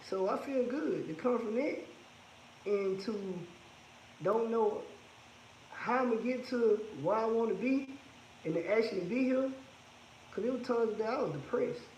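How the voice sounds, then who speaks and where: A man's voice: sits high, measured pace, long pauses, darkish tone, echoey room, highs cut off, slight background noise. A man hosting a casual phone livestream, talking candidly and reading out viewer comments. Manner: laid-back, candid, reads out viewer comments. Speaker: livestream host.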